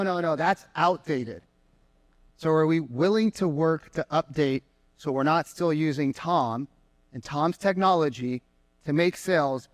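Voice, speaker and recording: A man speaking as a sales trainer to a live audience, energetic and mocking as he acts out callers. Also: fairly high pitch, no echo. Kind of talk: keynote talk to a live audience. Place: conference room with an audience.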